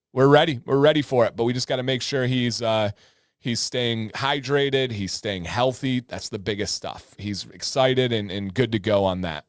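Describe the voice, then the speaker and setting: Casual livestream host, male, thirties, animated storyteller with a smooth voice and a dry close sound. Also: medium pitch, dry recording.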